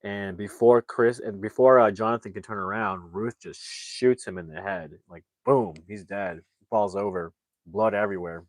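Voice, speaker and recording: Rambling low-voiced male movie reviewer. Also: steady tone, normal speed, dry recording. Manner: rambling, full of "like" fillers and self-corrections. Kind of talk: casual plot recap.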